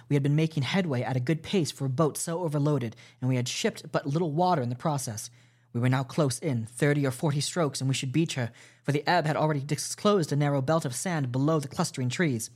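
A man narrating a classic adventure novel aloud at a steady, measured pace, with small restarts. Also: on the high side, breathy edge. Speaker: podcast host reading a novel aloud. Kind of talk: audiobook storytelling narration.

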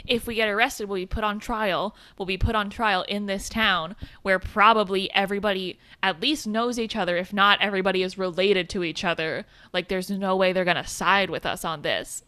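A woman co-hosting a podcast, chatting casually about a film in an animated way, swearing now and then and laughing often. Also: mid-range voice, normal speed. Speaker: podcast co-host.

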